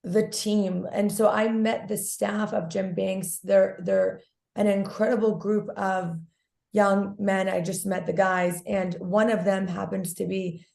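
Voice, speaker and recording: A guest activist, a woman, speaks slowly in a mid-range voice during a casual video-call interview, her tone hoarse and gravelly after screaming at a protest. Excited, talkative, and effusive, she's heard in an echoey room.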